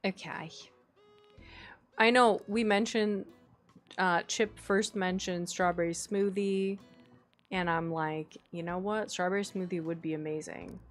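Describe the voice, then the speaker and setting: A young woman streaming a cozy life-sim game, chatting casually with viewers, giggling often and breaking into excited squeals. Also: lowish voice, measured pace, soft background music. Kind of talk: casual live-stream chat over gameplay.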